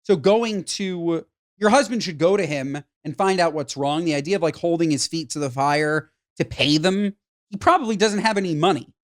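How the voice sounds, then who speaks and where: A woman's voice: fairly low pitch, moderate pace. A woman co-hosting a podcast, giving blunt, emphatic advice with rhetorical questions in casual chat. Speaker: podcast co-host.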